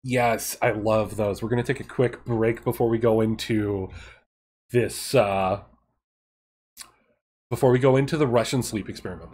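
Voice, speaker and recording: A man's voice: on the low side, darkish tone, husky. Man chatting with his stream chat. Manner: swears casually. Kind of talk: live-stream story reading.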